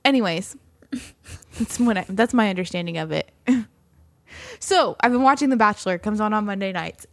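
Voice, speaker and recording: A woman's voice: medium pitch, lively intonation, normal speed, long pauses, dry recording, studio quality. A woman co-hosting a podcast, telling stories in a casual chat, laughing often and reading passages aloud. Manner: giggly storyteller, reads aloud and mimics friends. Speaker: podcast co-host.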